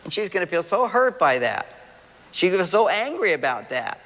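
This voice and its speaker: A relationship speaker with a notably high voice gives a lively seminar to a live crowd at a moderate pace. Speaking straight to the audience, he poses questions and briefly plays out quoted partners, while a long hall reverb echoes around him.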